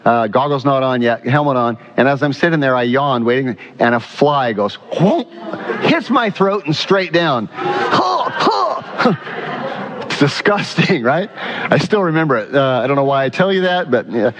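A male pastor preaching a sermon in a church, animated and often quizzing the congregation. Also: medium pitch, a little slow, noisy background. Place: church sanctuary.

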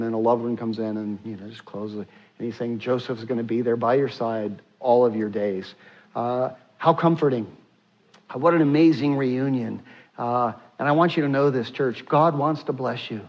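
A male pastor preaching a sermon to his church, emphatic, piling up repeated rhetorical questions and dropping to a hushed tone at tender points. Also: medium pitch, highs cut off.

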